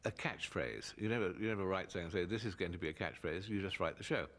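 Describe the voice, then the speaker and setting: A man speaks about writing comedy in a thoughtful, measured way. His voice is notably low. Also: a bit bright. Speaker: comedy writer interviewed. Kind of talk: reflective interview.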